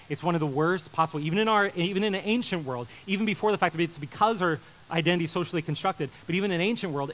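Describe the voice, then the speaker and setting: A man in his thirties preaching a sermon, animated, moving from loud emphasis to quiet intensity. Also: on the high side, low-quality recording. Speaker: pastor.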